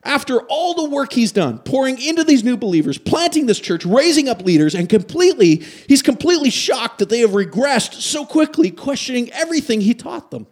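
A man from Canada delivers a sermon in a high voice. His pitch rises and falls widely as he tells stories with animation. He keeps turning to his listeners with direct questions. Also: fairly quick, hardly any pauses. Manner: animated storytelling, asks the audience questions. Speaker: pastor.

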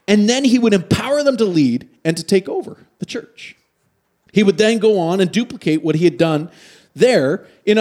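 A man from Canada preaching a sermon, telling stories with animation and asking his listeners questions. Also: high voice. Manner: animated storytelling, asks the audience questions. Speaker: pastor.

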